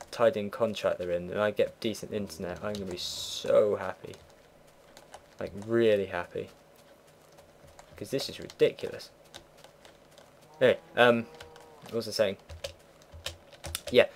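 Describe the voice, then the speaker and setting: A man's voice: fairly low pitch, a little hiss or hum. A teenage boy casually commentating his own gameplay, rambling and chatty, swearing offhand, at a home computer. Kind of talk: casual let's play commentary.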